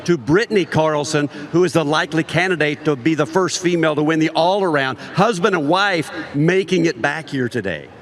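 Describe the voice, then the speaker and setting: A man's voice: a little high, fairly quick, hardly any pauses. A man analyst in a casual panel chat, confident and making his case with numbers. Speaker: rodeo analyst.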